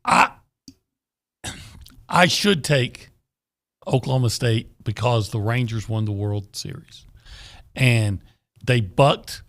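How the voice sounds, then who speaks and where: A man's voice: mid-range voice, slow pace, long pauses. A man co-hosting a casual sports talk radio show, rambling through his game picks with lots of restarts. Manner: rambling, restarts mid-thought, animated.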